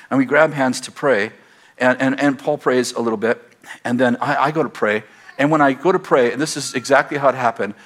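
A pastor telling a personal story in a sermon, acting out both sides of the conversation in an animated way. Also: male voice, medium pitch. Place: church.

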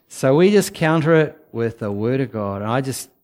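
A man giving an informal, chatty sermon, with laughing asides and a low voice for the quoted whispers. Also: lively intonation, unhurried, a little mellow. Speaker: preacher.

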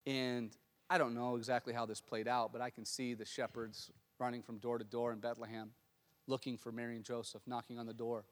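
A man's voice: medium pitch, little pitch movement, a little fast, long reverb tail. A male pastor preaching a sermon, telling the story animatedly with frequent restarts.

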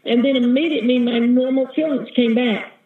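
A woman's voice: on the high side, steady tone, a little fast, reverberant, narrow, tinny audio. A woman evangelist giving an earnest, vivid testimony as a guest in an interview. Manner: earnest, vivid storytelling, calls listener sister.

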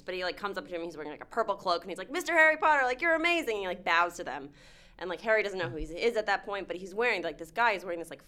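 Chatty woman, slightly low voice. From lived in Turkey. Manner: chatty, lots of "like", animated storytelling. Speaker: panelist. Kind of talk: casual group chat.

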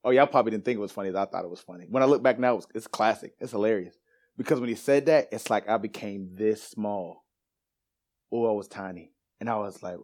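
A man's voice: on the low side, quick pace, a little mellow. A man preaching in a church, telling a personal story with laughter and casual slang before turning to scripture. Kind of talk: storytelling sermon. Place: church sanctuary.

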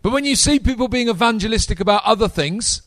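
A man preaching a sermon to a live congregation, energetic and talking straight to the audience. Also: high voice, fast talker, no room sound.

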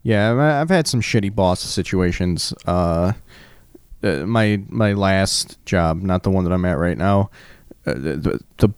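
A man's voice: low-pitched, unhurried, smooth, no echo. A man in his thirties, co-hosting a casual podcast in a laid-back, joking way, laughing often and swearing. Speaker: podcast co-host. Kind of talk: casual chat.

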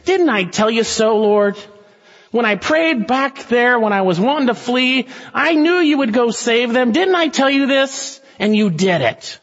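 A man's voice: very high voice, lively intonation, measured pace, fairly bright tone, long reverb tail, dull audio, pitched above the performer's own voice, full character voice. A man voicing a sulking, indignant male prophet who complains to God in whiny, accusing pleas.

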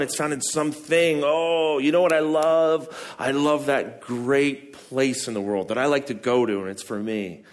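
A man preaching a sermon, emphatic and prone to repeating words and restarting, who climbs high and loud on key phrases. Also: fairly even intonation, a little slow, hardly any pauses.

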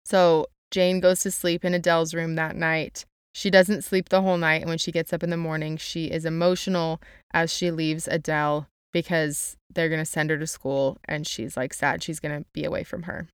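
A young woman talks through a classic novel chapter by chapter, casual and chatty, dropping "like" into her sentences and reading passages aloud. Her voice is smooth and clear, a little low for a woman, recorded dry and close with no room sound. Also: little pitch movement, normal speed, dry recording. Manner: chatty, uses "like" a lot, reads quotes aloud. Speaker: student summarizing a novel. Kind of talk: casual book summary.

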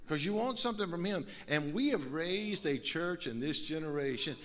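A man with a drawl preaches to his congregation in a church. His voice sits high and swings widely, rising from quiet musing to fervent, shouted appeals. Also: animated, normal speed. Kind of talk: sermon. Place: church sanctuary.

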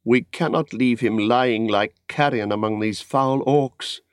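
Keen elf archer, read by a man for an audiobook, lofty and clear, lifted pitch. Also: unhurried, no room sound, studio quality, close to an everyday voice. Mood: resolute. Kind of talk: audiobook character reading.

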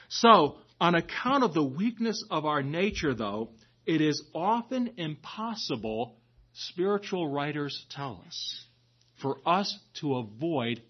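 Husky man preaching a chatty sermon. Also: fairly high pitch, dull audio. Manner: conversational storytelling, frequent "right?". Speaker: priest.

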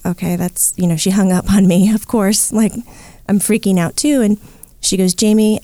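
A woman's voice: on the low side, dry recording. A middle-aged woman, a psychic medium, telling a story in a casual interview and acting out the voices in it. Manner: animated, acts out the voices in her story.

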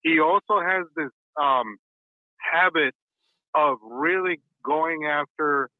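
A man calling in to a show, chatting casually, halting and correcting himself with many ums. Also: a little high, no room sound. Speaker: caller. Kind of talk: casual chat. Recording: tinny phone line.

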